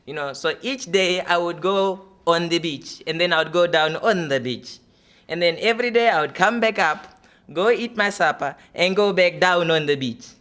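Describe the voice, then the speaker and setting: A man's voice: high voice, moderate pace, a bit bright, voice pushed up. Brief: man putting on a boastful old Italian father with a put-on accent, raised voice. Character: proud old Italian father telling a beach story.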